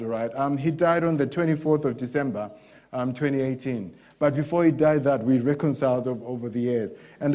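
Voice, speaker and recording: A middle-aged man from Zimbabwe preaching a sermon as a personal testimony, candid and halting, often restarting and acting out the voices of others. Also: on the high side, darkish tone.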